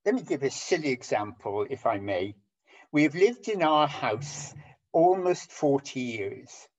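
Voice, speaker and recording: Older male preacher, slow and halting, muffled lo-fi audio. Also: medium pitch, animated. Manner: halting, with many ums and restarts. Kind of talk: sermon over an online call. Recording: dull lo-fi audio.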